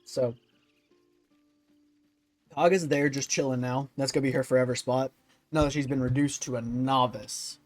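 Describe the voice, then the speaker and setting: A man's voice: medium pitch, steady tone, moderate pace, pauses often, soft background music. Rambling male let's-play host. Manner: rambling and thinking aloud, with many fillers. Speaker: gaming channel host.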